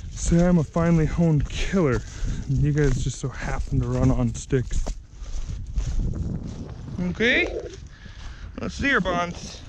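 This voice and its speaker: A pet owner out on a trail, coaxing dogs in high sing-song calls, recorded on an action camera. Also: expressive, takes it slowly, long pauses, background noise. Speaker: pet owner filming a dog walk. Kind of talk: casual vlog talk to pets. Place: outdoors, field and trail. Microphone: action camera worn while out with the dogs.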